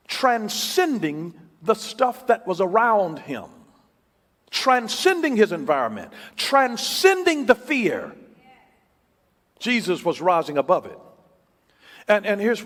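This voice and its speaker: A man preaching a sermon, emphatic and repetitive, swinging from loud declarations to hushed words. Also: sits high, in a large hall.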